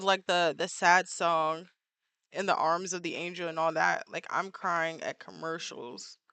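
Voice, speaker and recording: Drawing while she streams, a woman artist chats playfully and casually with her viewers, using plenty of filler words. Her fairly low voice is pushed and bright, with a clear, resonant tone, and the recording is dry.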